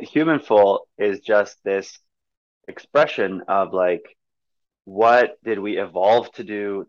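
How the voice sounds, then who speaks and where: A man's voice: fairly low pitch, no room sound, dull audio. A man talking as a movement coach in an interview, explaining eagerly with many fillers and restarts. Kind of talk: conversational interview.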